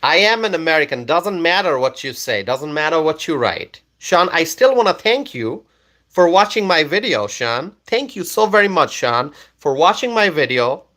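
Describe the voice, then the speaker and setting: A man's voice: on the high side, sing-song, moderate pace, sharp tone. A man originally from Bangladesh hosting a live stream, reading viewer comments aloud and answering them with repeated questions and laughter. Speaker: livestream host reading chat.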